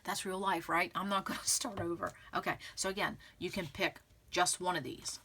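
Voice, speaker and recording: A woman's voice: on the low side, steady tone, moderate pace, sharp tone, a little hiss or hum. A woman hosting a scrapbooking tutorial, talking casually and encouragingly to her viewers, often saying "okay" and "again.". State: clearing throat from pollen. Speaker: scrapbooking channel host.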